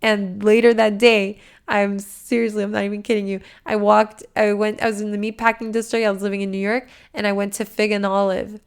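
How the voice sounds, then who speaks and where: A woman hosting a podcast, delivering a casual, animated motivational rant with frequent swearing, jumping between loud bursts and hushed asides. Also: mid-range voice, a little fast, hardly any pauses, clean tone. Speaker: podcast host.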